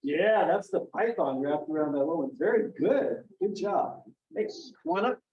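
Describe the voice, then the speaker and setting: The speaker, a middle-aged man from Maine who writes for children, does an animated storytelling session for kids and families, taking on the voices of whoever he quotes. His voice is a little high and his speed normal. Recorded far off in a library event room, it sounds dull and echoey.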